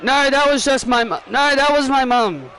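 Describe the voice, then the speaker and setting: A young man giving excitable fan play-by-play commentary over a wrestling video game at home. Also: extremely high pitch, normal speed, a faint crowd, a little hiss or hum. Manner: excitable fan commentary, often calling out the action. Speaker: gaming YouTuber.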